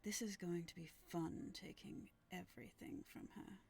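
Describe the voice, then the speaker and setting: A woman voicing a menacing male villain who whispers threats in a low, breathy voice. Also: moderate pace, darkish tone.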